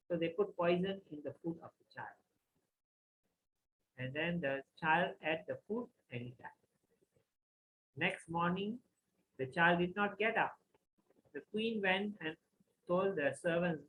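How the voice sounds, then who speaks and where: A man's voice: high-pitched, unhurried, fairly bright tone, slight background noise, low-quality recording. A man teaching a lesson, telling a story plainly with many repeats and restarts.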